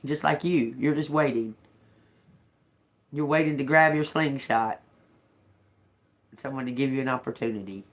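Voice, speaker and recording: Animated woman tarot reader. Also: extremely low pitch, normal speed, pauses often. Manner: animated storytelling, frequent laughter, profane. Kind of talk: casual tarot reading with Bible reading.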